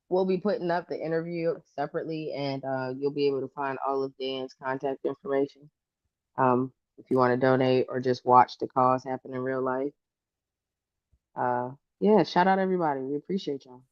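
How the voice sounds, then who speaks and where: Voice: medium pitch, steady tone, moderate pace, no room sound. A livestream co-host chatting casually, blunt and slangy, swearing freely. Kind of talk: casual chat. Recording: dull lo-fi audio.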